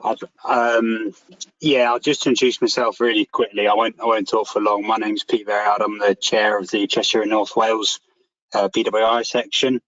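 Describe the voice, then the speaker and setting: A man chairing a meeting and thanking presenters over a video call, relaxed and halting with many ums. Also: fairly low pitch, dry recording. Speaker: section chair hosting a meeting. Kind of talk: closing remarks on a video call. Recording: dull lo-fi call audio.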